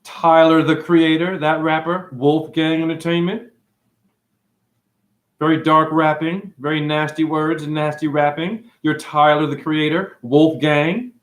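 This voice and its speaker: A man hosting an online show, rambling through playful wordplay in a sing-song way, with sudden high whoops and drawling asides. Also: flat delivery, measured pace. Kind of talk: rambling livestream monologue.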